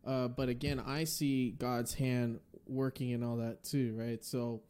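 A man hosting a casual podcast interview, upbeat and chatty, speaking with religious warmth and frequent fillers. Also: mid-range voice, little pitch movement, unhurried, few pauses, smooth. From US Northeast. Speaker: podcast host.

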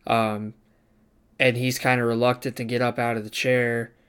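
A man's voice: mid-range voice, little pitch movement, normal speed, a bit bright, clean tone. A young man, a barber student, telling a story casually and acting out the people he quotes, swearing now and then.

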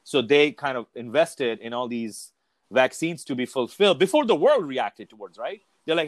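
A man speaking as a podcast guest in a relaxed, candid chat. He swears without a second thought and keeps restarting his sentences as he tells a story. His voice sits mid-range and sounds close and dry. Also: medium pitch, normal speed, dry recording. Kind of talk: casual chat.

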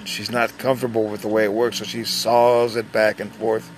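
A man telling a personal story in a casual, conversational way, pausing and restarting as he goes. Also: on the low side, flat delivery, soft background music. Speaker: dialysis patient.

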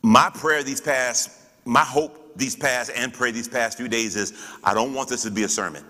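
Preaching pastor in a reverberant hall. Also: male voice, medium pitch, moderate pace, pushed and bright. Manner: call-and-response preaching, rhetorical questions. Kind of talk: church teaching.

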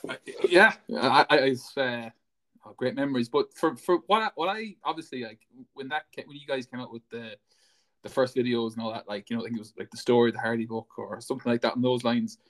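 A man's voice: medium pitch, brisk, fairly bright tone. A man, hosting a podcast and asking loose, rambling questions full of fillers. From west of Ireland. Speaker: podcast host. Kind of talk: casual interview chat.

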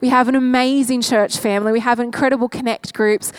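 A woman pastor speaking to her congregation in an earnest, open-hearted way, first in prayer and then in a sermon. Her voice sits a little higher than most women's, and the sound is dry and close with almost no room echo. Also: steady tone, brisk, clear, resonant tone. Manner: earnest and candid, talking openly from the heart. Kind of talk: church service prayer and sermon.

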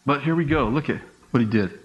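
A middle-aged pastor with a mid-range voice preaches a conversational sermon filled with quick asides, acted-out dialogue, and laughs. The sound is lo-fi.

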